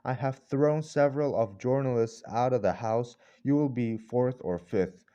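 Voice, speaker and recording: A man's voice: medium pitch, normal speed, warm tone, clean tone, dull audio, close to an everyday voice. A man reading a storybook role of an arrogant, short-tempered older male professor who talks with roaring, brutal bluntness. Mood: scornful.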